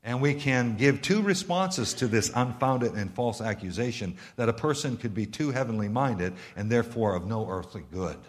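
A man's voice: mid-range voice, normal speed, few pauses. A man with a Canadian accent preaching a sermon, stressing words through repetition and asking his listeners rhetorical questions. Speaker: pastor.

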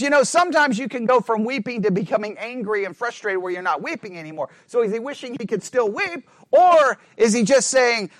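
Guy with a really high voice running a bible study, dry close sound, keeps restarting and asking the group stuff. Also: a bit bright, no echo. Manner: thinks aloud, repeats and restarts words, asks the group questions. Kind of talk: conversational Bible study teaching.

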